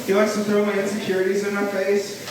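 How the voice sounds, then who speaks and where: A young man doing self-deprecating, animated stand-up at an open mic in a small club. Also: sits high, quick pace, recorded from a distance, crowd noise. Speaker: comedian. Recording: echoey club, mic heard from afar.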